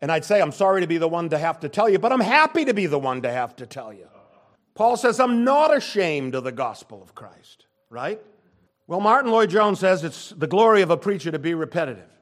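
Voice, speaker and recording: An older man preaches a sermon in an emphatic, insistent manner. His voice sits a little higher than most men's and climbs even higher when he presses a point, then drops low and quiet for his asides. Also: fairly quick. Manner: emphatic preaching, shifting between loud and quiet. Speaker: pastor.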